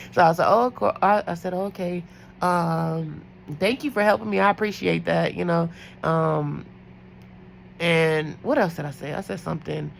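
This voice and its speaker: A young adult woman, a night nurse, chatting casually about a work shift and acting out quotes in higher voices. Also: fairly even intonation, normal speed, slight background noise, rough recording. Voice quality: gravelly. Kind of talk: casual storytelling.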